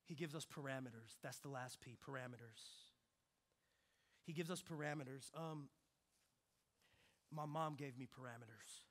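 A young adult man preaching a sermon, telling a childhood story and swinging between quiet reflective stretches and loud excited ones. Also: medium pitch, normal speed, pauses often. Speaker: pastor.

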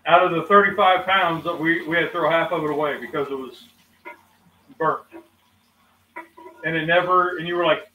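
Bright-voiced middle-aged man telling cookout stories. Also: a little high, moderate pace, long pauses, slight background noise. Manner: animated, acts out quoted exchanges. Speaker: host of a cooking channel. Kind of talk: casual storytelling chat. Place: outdoors at a cookout. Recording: echoey, distant mic, faint ambience.

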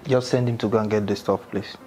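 A man's voice: lowish voice, fairly even intonation, fast talker, music in the background, close to an everyday voice. A man playing a stern, impatient husband and master of the house in a comedy skit. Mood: casual.

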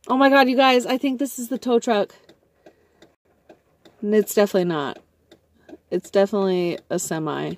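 Holding her phone inside a car on a rainy night, a woman chats casually on a live stream, excitable and jokey, swearing and laughing often. Her voice is mid-range at a normal speed with frequent pauses, and there's no room sound.

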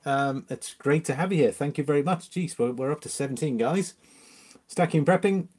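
A man's voice: mid-range voice, fairly quick, breathy edge. A man hosting a casual live stream from home, reading viewer comments aloud, greeting people by name and chuckling between messages. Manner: chatty and relaxed, greets viewers and chuckles often. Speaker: livestream host.

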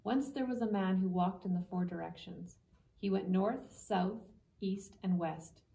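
A woman reading as a measured storyteller uncle. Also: medium pitch, vocal fry, warm tone, natural voice. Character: tall male storyteller uncle, proud and measured. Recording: echoey room, distant mic.

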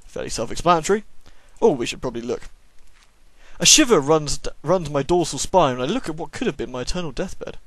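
A man's voice: on the high side, expressive, fairly quick, breathy edge, dry recording. A man with a sore throat giving jokey, sarcastic commentary while playing a horror game. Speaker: let's play host. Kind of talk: gameplay commentary.

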